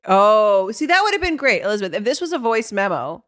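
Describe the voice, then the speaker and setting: A woman's voice: medium pitch, sing-song, brisk, fairly bright tone, dry recording, clean studio sound. A woman co-hosting a casual chat podcast, chatty and teasing, laughing often. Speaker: podcast co-host.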